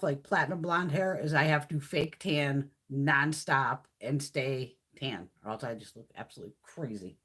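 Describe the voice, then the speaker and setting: A woman's voice: low voice, slightly rough. A woman in her fifties hosting a casual beauty livestream, ranting bluntly and profanely and acting out other people's lines. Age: 50s. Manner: acts out others' lines in quoted voices.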